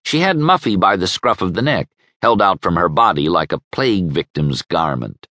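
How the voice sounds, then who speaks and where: A man narrating an audiobook with wry, expressive storytelling. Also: low-pitched, normal speed. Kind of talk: scripted narration. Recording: dry studio sound.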